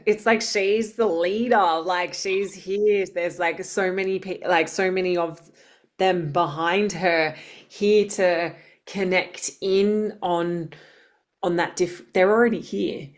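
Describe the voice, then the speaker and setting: Aussie woman, psychic guest, slow and halting, kinda low voice. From Australia. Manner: slow, hesitant, searching for words. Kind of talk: casual interview talk.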